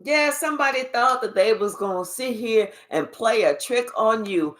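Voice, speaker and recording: A woman's voice: fairly high pitch, lively intonation, normal speed, hardly any pauses. A woman spiritual card reader giving a livestream reading to viewers, talking emphatically with lots of swearing and teasing.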